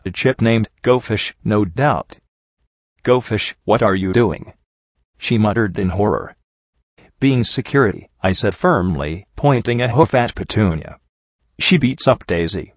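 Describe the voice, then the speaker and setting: Low-voiced man reading a story. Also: no echo, dull audio. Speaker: narrator. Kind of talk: audiobook reading of fan fiction.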